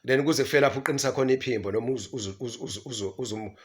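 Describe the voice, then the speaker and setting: A man's voice: medium pitch, very fast. A man teaching from the Bible, often stumbling and repeating syllables as he mixes in English words. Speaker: preacher.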